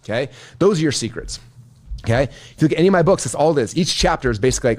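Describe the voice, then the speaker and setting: A middle-aged man teaching as a business coach, animated, often checking in with the audience. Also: a little high, very fast. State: out of breath. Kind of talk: energetic teaching talk.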